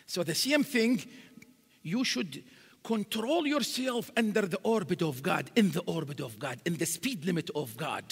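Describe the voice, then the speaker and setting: A man's voice: high voice, expressive, a little slow, vocal fry, husky. A man giving a live sermon in a large mosque hall, telling stories animatedly and quoting Arabic verses. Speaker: religious speaker. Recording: reverberant hall.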